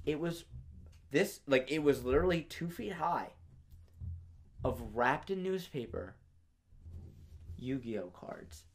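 A man co-hosting a casual podcast, telling stories in an animated way and breaking into loud laughing outbursts. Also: a little high, slow pace, long pauses. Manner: animated storytelling, bursts into loud laughing exclamations. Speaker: podcast co-host. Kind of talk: casual chat.

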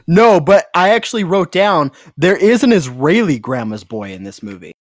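Male podcast co-host, slightly high voice, dry close sound, wry and sarcastic, laughs a lot. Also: sing-song, normal speed, no room sound. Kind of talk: casual chat reviewing a movie.

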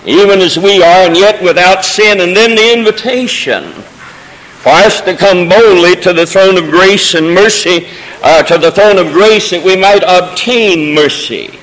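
A pastor delivers his sermon in a fairly high voice, drifting from easygoing asides into swelling, emotional cadences. His words ring out with the long reverb of a church sanctuary. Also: a little slow, fairly bright tone. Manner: preaching with folksy asides and rising emotional cadences. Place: church sanctuary during a service.

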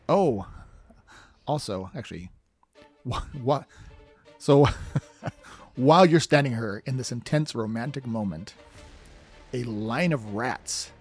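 A man's voice: medium pitch, expressive, slow pace, pauses often, soft background music. A man narrating a tabletop game as game master, in a loose, rambling way with fillers.

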